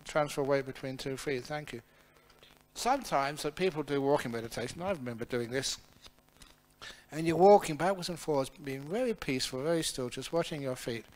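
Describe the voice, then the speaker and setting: A man who is a Buddhist monk, giving a humorous question-and-answer talk with lively storytelling. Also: a little high, a little fast. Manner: humorous, chuckling, animated storyteller.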